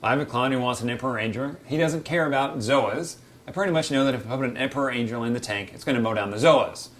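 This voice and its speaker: A man's voice: medium pitch, quick pace, fairly bright tone. Chatty man host with a faint hum. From United States. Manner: chatty, acts out quotes of fish and hobbyists. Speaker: aquarium hobby show host. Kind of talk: casual Q&A explainer. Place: home room beside his reef tank.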